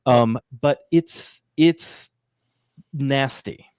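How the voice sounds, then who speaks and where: A man's voice: medium pitch, drawn-out words, darkish tone, smooth, no room sound, clean studio sound. A man co-hosting a podcast, talking casually with fillers and asides. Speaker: podcast co-host.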